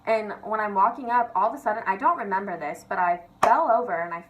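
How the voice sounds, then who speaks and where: A woman's voice: medium pitch, fast talker, muffled recording, slight background noise. Giggly young woman telling stories, swearing. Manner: giggly, profane, filler-heavy with constant "like". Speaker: vlogger. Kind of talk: casual storytelling rant.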